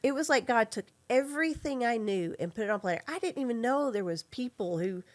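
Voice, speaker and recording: A woman with a Southern accent, a guest on a casual podcast, telling a lively story and acting out the voices in it. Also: on the high side, a little fast. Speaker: podcast guest, comic artist.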